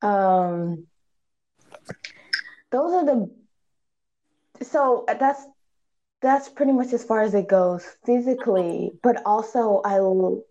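A woman's voice: mid-range voice, takes it slowly, pauses often, mellow, highs cut off. A woman in casual conversation, thinking aloud with many fillers and restarts. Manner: thoughtful, hesitant, many fillers.

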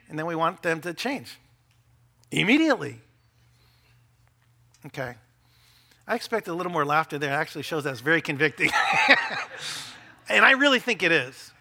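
A male pastor preaches with a high, bright voice. He is animated, jokes with his congregation and slips into playful quoted voices to make his point. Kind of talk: sermon.

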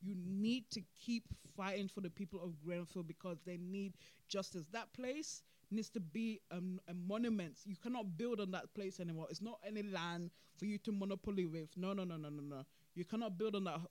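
A podcast host, talking through events in animated casual commentary, laughing and repeating points for emphasis. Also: mid-range voice, moderate pace, no echo.

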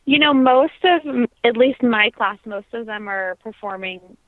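A woman's voice: fairly high pitch, measured pace, no echo. A woman in her thirties, a guest on an interview podcast, telling her story in an earnest, reflective way with frequent ums. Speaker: podcast guest, opera singer. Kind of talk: conversational interview. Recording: tinny phone-like line.

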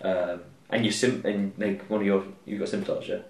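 Tabletop player, man, lowish voice, halting delivery, echoey distant mic. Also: fairly even intonation. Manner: hesitant, stumbling, repeats words. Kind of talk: in-character chat in a tabletop game.

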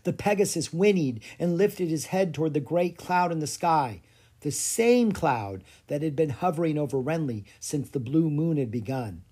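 This storybook reading comes from an audiobook narrator whose mid-range voice stays soft and breathy. The delivery moves at a moderate pace, with pitch that lifts and swoops the whole way through.

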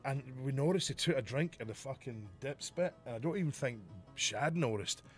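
A man's voice: mid-range voice, moderate pace, soft background music. A man casually telling a rowdy story on a podcast, swearing often and laughing as he talks. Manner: animated, profane, laughs through the story.

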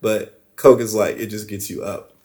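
Name: low-voiced man telling a story. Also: moderate pace. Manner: animated, acts out quoted voices, laughs often. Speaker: podcast guest. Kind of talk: casual storytelling.

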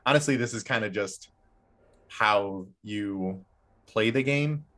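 A man co-hosting a podcast and chatting casually as a game master, halting with frequent restarts and filler words. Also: on the low side, a bit bright. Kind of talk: casual chat.

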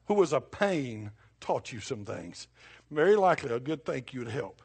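Husky older preacher, folksy. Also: male voice, mid-range voice. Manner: folksy, conversational storytelling with sudden bursts of emphasis. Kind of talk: sermon.

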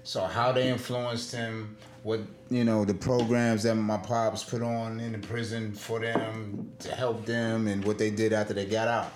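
A man speaking as an interview guest in a laid-back, unhurried way. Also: lowish voice, flat delivery, background noise. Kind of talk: casual interview chat. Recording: roomy echo.

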